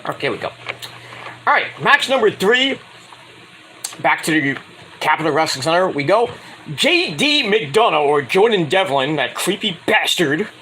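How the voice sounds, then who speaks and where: A man's voice: on the high side, pushed and bright, slight background noise, low-quality recording. A young man giving a crude, jokey, casual recap of a wrestling show, with loose play-by-play full of fillers.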